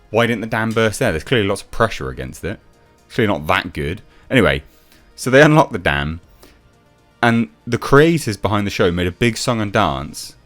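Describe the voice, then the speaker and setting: A man's voice: low voice, fairly bright tone. A man reviewing a TV episode in a sarcastic, exasperated rant, swearing freely. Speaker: TV show reviewer. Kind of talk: ranting video review.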